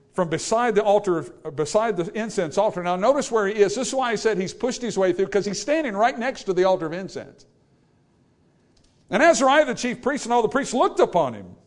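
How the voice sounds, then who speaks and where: A man preaching a sermon, swinging from hushed asides to loud peaks and acting out the people in his story. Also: high voice. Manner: acts out quoted people in character voices. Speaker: pastor.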